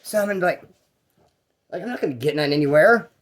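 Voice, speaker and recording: Guy with a slightly higher voice rambling through a jail story, lots of slang and side notes. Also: expressive, brisk. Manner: rambling and slangy, with fillers and restarts. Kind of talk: casual first-person jail story.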